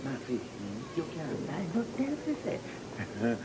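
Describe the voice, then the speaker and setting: A man's voice: a little high, huge pitch swings, a little slow. A man with a Jamaican accent, playing a teasing churchgoer in a comedy sketch and speaking in patois. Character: teasing male churchgoer, joking companion. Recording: dull, noisy recording.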